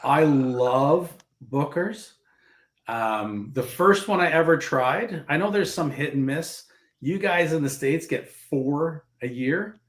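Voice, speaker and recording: On a live show pairing whiskey with board games, a Canadian panelist chats casually and eagerly, rambling along with plenty of fillers. His voice is fairly high and his pace slow, and the room gives it a roomy echo.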